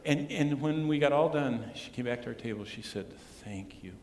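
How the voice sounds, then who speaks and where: A man preaching a sermon as pastor, earnest, often dropping to a hushed tone to stress a point. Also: a little high, brisk. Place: church sanctuary. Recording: echoey church hall with long reverb.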